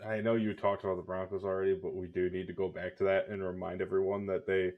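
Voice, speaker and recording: A man's voice: deep voice, flat delivery, fast talker, phone-quality sound. A man co-hosting a sports podcast, talking bluntly with an exasperated, swearing edge. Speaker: podcast co-host. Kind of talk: casual sports chat.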